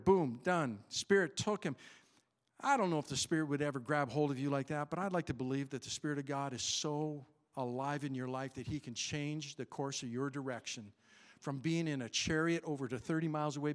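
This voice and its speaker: A man preaching a sermon to his church, animated and conversational, acting out Bible characters in quick voices. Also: mid-range voice. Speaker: pastor.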